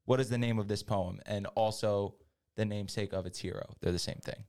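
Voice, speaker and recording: Podcast co-host, smooth clear man's voice, reads trivia questions aloud. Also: lowish voice, steady tone, brisk, darkish tone. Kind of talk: casual podcast chat.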